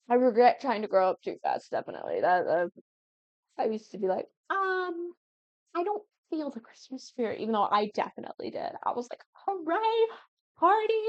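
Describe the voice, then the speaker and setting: A woman's voice: on the high side, gravelly, a little mellow, no echo. A 19-year-old woman chatting casually at home over gameplay, rambling and giggly, jumping from thought to thought. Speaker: gaming YouTuber. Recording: dull lo-fi dry sound.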